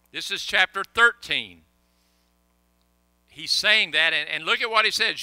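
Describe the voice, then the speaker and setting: A man's voice: high voice, a little slow, long pauses, sharp tone, clean tone, dry recording. A middle-aged male pastor preaching a sermon in a conversational, storytelling way, often restarting his sentences.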